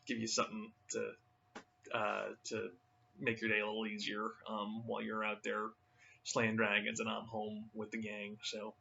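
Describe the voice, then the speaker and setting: A man's voice: lowish voice, vocal fry, sharp tone. A middle-aged man reading a novel aloud and then chatting casually, rambling with many fillers, on a dull lo-fi recording. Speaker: audiobook reader. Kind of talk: casual chat after reading.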